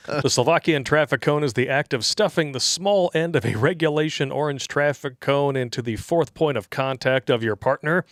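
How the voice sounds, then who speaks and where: Co-hosting a casual livestream, a man reads donor tips aloud and cracks crude jokes that he laughs at himself. His voice is fairly high and fairly bright, at a normal speed, recorded dry.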